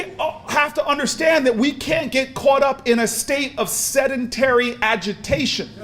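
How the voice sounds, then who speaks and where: In a large convention hall, a convention speaker with a very high voice preaches passionately. He tells stories, repeats words for effect, and builds toward shouting.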